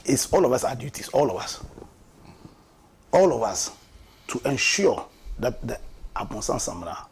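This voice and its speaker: A man's voice: mid-range voice, very animated, normal speed, darkish tone, a little hiss or hum. A man with a Ghanaian accent giving impassioned, mocking political commentary on a talk show, often repeating words for emphasis. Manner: impassioned, mocking, repeats words and laughs at his own jabs.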